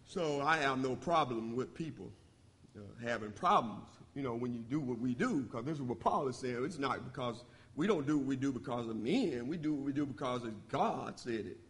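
A man preaching a sermon in a church, calling out to the congregation and swinging from loud emphasis to hushed asides. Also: medium pitch, lively intonation, normal speed. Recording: long hall reverb.

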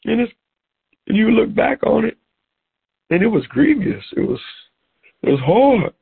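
A middle-aged man preaching a sermon over a phone call, animated and repeating words as he goes. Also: high-pitched, measured pace, creaky, husky. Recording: tinny phone-line sound.

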